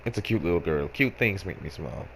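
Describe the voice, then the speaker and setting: A man's voice: low voice, animated, quick pace, vocal fry, fairly bright tone, slight background noise, rough recording. A man telling a story in a casual, rambling way, often correcting himself and repeating phrases with wry, self-mocking humor. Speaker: storyteller vlogger.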